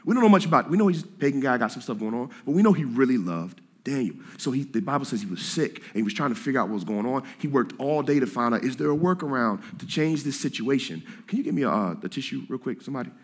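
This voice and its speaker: A man preaching a sermon to a congregation in a lively, conversational way, reading scripture and speaking in casual slang. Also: mid-range voice, fast, hardly any pauses. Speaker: pastor. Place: church hall with congregation.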